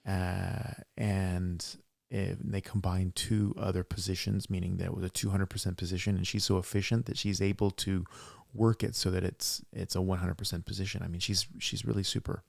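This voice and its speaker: A man co-hosting a casual podcast who sees patients in his work. He tells stories in an emphatic, animated way. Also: low-pitched, normal speed, creaky, dry recording. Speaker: podcast co-host.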